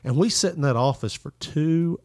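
A man telling childhood stories in casual chat, animated and profane, putting on voices for the people in them. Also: fairly high pitch, normal speed, no echo, clean studio sound.

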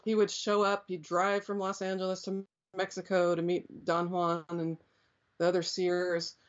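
With a completely flat delivery, a woman on the low side speaks at normal speed. She is a middle-aged interview guest whose reflective account of her past rambles along with many fillers and restarts, in dull lo-fi sound.

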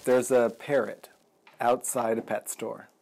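A man's voice: medium pitch, flat delivery, measured pace, gravelly, loud music behind the voice. A man telling a long shaggy-dog joke, stopping and restarting and chuckling as he builds it. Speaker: joke teller.

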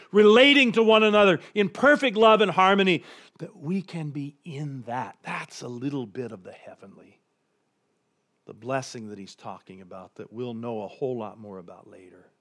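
A male pastor delivers a reflective sermon in a slightly high voice, frequently sinking to a hush and telling a joking story that builds in intensity.

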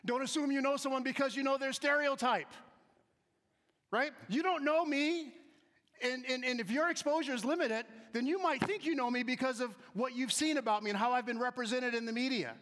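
Man, very high voice, bright, animated storyteller, acts out voices, long hall reverb. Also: fairly quick. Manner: animated, acts out quoted voices, shifts between soft asides and loud emphasis. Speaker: speaker giving a talk to an audience. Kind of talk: storytelling talk with humor.

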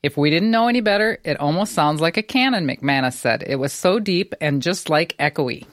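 A woman's voice: deep voice, lively intonation, moderate pace. A woman co-hosting a podcast, reading out news stories in a matter-of-fact way.

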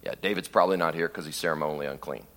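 A man preaching a sermon in an animated way, acting out scripture quotes in a raised voice and dropping low for asides. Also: rapid-fire, long reverb tail.

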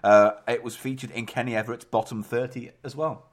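A man's voice: mid-range voice, steady tone, fairly quick. A man co-hosting a casual chat about strange records, amused and blunt. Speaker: radio show co-host.

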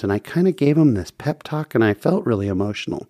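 A man's voice: mid-range voice, animated, fast talker, mellow, no room sound, studio quality. A man hosting a podcast, telling a personal faith story in an earnest, heartfelt way. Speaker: podcast host.

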